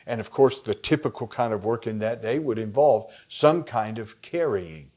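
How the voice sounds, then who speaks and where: A man with an American accent explaining a Bible passage in a conversational lesson, pausing with fillers. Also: on the low side, expressive, mellow. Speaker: Bible study teacher. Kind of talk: teaching a lesson plan.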